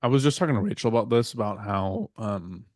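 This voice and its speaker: A man co-hosting a podcast, telling relaxed stories in a casual chat full of "like". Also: on the low side, brisk, no room sound, clean studio sound. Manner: relaxed, anecdotal, lots of "like". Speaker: podcast co-host.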